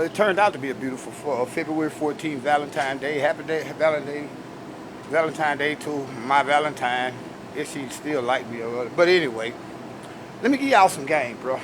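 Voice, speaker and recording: A man with a notably high voice hosts his own video, speaking straight to camera in loose, emphatic commentary. He leans hard on his points and keeps addressing his viewers directly, with a faint hum of background noise behind him. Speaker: video host.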